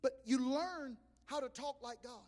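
A man's voice: very high-pitched, a little slow, a little mellow. A middle-aged man from Mobile, Alabama, with a Southern accent, preaching a sermon as a pastor, telling stories with stammering restarts and acting out voices. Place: church sanctuary. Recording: long reverb of a church hall.

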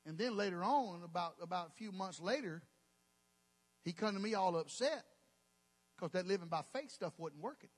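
Male pastor, high voice, emphatic sermon, folksy humor, long hall echo. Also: animated, normal speed, long pauses. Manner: emphatic preaching, folksy and joking asides.

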